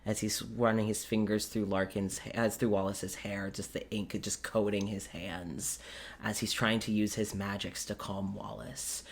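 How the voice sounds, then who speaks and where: Give me a man running a tabletop game, narrating scenes quickly. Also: lowish voice, little pitch movement, vocal fry. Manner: quick, descriptive, stops to correct names. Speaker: game master.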